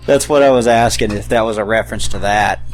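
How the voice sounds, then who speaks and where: A man's voice: lowish voice, quick pace, soft background music. A man co-hosting a casual podcast chat, swearing and laughing as he talks. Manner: animated, swearing, laughing often. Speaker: podcast co-host.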